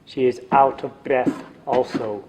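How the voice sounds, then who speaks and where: Slow, wry male narrator. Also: mid-range voice, steady tone, a little mellow, big-room sound, slight background noise. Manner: dry, wry storytelling. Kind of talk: scripted narration.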